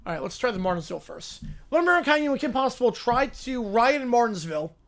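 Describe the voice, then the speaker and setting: A man hosting a live stream, reading a fan story aloud in a quick, offhand way. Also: very high-pitched, sing-song, a little hiss or hum.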